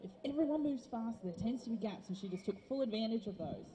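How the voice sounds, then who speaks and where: A woman's voice: on the high side, expressive, fast talker, mellow, a little hiss or hum, rough recording. A woman giving chatty, laughing colour commentary on a roller derby bout. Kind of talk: live sports colour commentary.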